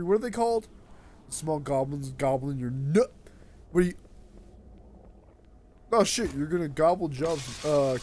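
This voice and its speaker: A man's voice: high voice, a little hiss or hum. A young man streaming a game, rambling and swearing freely in casual chat with a friend. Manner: rambling, excitable, swears a lot.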